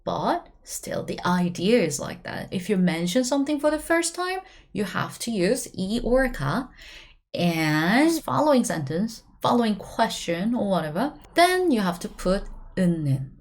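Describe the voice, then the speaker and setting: A woman teacher with a Korean accent explains grammar in a casual video lesson. Her voice sits in a middle pitch but swings up and down a lot as she talks. She keeps checking in with her viewers and fires off quick example phrases. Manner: lively, chatty explaining with frequent "right?" check-ins.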